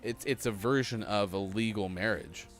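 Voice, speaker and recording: A man's voice: fairly low pitch, normal speed, faint music behind. A man hosting a casual morning show, chatty and laughing at his own jokes. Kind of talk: casual live-stream chat.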